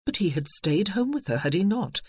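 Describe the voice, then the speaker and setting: Measured audiobook narrator, dry close sound. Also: medium pitch, sing-song, mellow, slightly rough, dry recording. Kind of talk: scripted narration.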